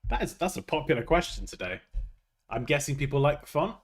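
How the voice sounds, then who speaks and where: A man's voice: a little high, sing-song, fairly quick. A man hosting a design livestream, thinking aloud as he works and tossing out teasing, jokey asides, on a close desk mic.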